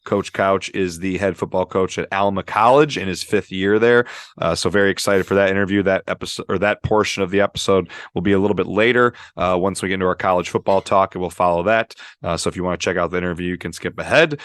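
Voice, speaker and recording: A man hosting a football podcast in a relaxed, easygoing chat with lots of fillers. His voice sits a bit low, and the recording is very dry and close. He sounds upbeat as he runs through the show. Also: fast, dry recording. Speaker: podcast host. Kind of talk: casual sports podcast chat.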